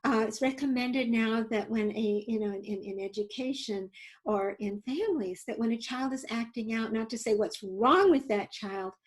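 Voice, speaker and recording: An older woman with a high, squeaky voice, leading a webinar workshop and telling stories with many fillers and restarts. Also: moderate pace. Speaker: workshop leader and webinar presenter. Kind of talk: storytelling in a webinar talk.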